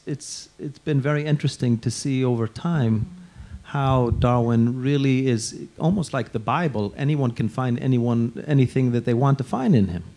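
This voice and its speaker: A man moderates a conversation before an audience. He thinks aloud, pads his phrases with fillers, and his voice is dark and mellow. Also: medium pitch. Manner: musing, with many fillers. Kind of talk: conversational public talk.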